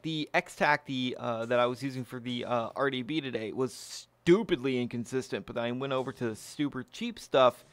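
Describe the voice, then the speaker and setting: A man's voice: medium pitch, no echo. Salty dude rambling about his rifle results, mid voice, dry close mic. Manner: blunt, profane, self-satisfied. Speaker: firearms channel host. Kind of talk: casual talk to camera.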